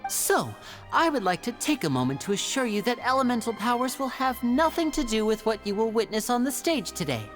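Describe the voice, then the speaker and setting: An actor playing a charming young male stage magician in a game, theatrical and smoothly teasing. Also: very high voice, big pitch swings, fairly quick, music in the background. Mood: showy.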